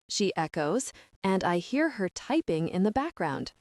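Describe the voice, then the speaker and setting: A woman reads a novel aloud with a lively, animated delivery, shifting voices as the characters trade lines. Her sound is close and dry, with no room around it. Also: on the low side, unhurried, no echo. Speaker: audiobook narrator. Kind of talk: scripted audiobook narration voicing characters.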